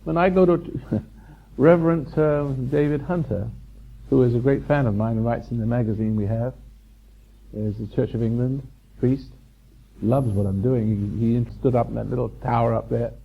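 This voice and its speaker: On a dull, lo-fi 1990s tape, a man lectures on spiritual matters before a live audience in a hotel function room. His medium-pitched, creaky voice moves at normal speed with fairly even intonation as he rambles, repeats points, laughs, and ribs his listeners.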